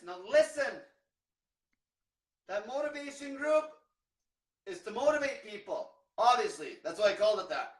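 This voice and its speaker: A man's voice: extremely high pitch, fairly bright tone, roomy sound, recorded from a distance, low-quality recording. A man coaching in a profane, blunt livestream rant, repeating himself. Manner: profane, blunt, repetitive, fired-up. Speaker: diet coach.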